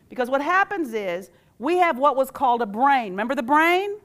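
A woman teacher gives an animated workshop talk, quizzing her audience and acting out phrases. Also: high voice, normal speed. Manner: animated, quizzes the audience with call-and-response questions; acts out quoted phrases in playful voices. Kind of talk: live interactive workshop talk.

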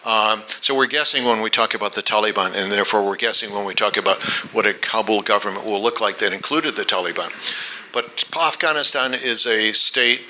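A man from the United States giving a policy talk and answering questions, measured, often repeating words while he thinks, with dry asides. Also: fairly low pitch, bright, forceful tone, low-quality recording. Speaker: policy expert speaker.

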